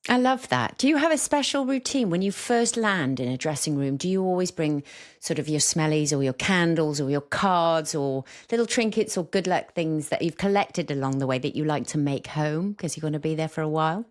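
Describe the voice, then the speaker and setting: A woman hosts a podcast interview in a very low voice. She is encouraging and asks long, gentle questions. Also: a little fast. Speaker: podcast host.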